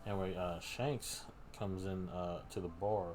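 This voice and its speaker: Deep-voiced man rambling through a recap. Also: fairly even intonation, a little slow, darkish tone, rough recording. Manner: rambling, full of fillers and restarts. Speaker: streamer host. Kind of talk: casual live-stream recap. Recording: background noise.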